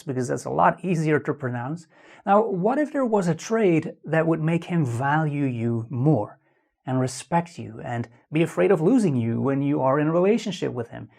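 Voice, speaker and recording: A man's voice: fairly high pitch, darkish tone. A male author gives relationship advice straight to the camera. His delivery is earnest and conversational, and he keeps putting rhetorical questions to the viewer. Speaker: dating author and video host. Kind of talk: direct-to-camera advice talk.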